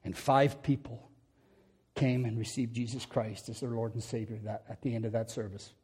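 A middle-aged preacher delivers a church sermon at normal speed in a husky, mid-range voice that barely moves in pitch. He swings between loud outbursts and quiet stretches, laughing through stories and acting out quotes.

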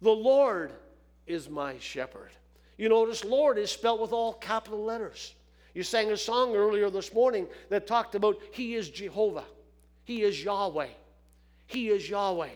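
A man preaching a sermon, folksy and repeating phrases for emphasis. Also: high-pitched.

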